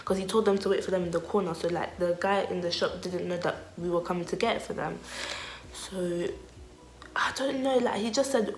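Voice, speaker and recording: A young woman telling a storytime vlog in animated, slangy style, laughing often. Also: fairly low pitch, a little fast, echoey room. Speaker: vlogger.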